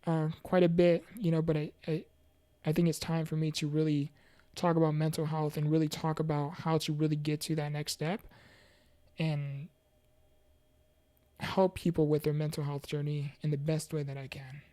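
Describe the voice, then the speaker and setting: A woman with a low, mellow voice speaks earnestly about her own mental health struggles. She pauses and restarts often, and she urges faith in a heartfelt, encouraging way. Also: level tone, dry recording. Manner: preachy, faith-focused encouragement. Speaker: motivational speaker. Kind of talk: personal mental health testimony.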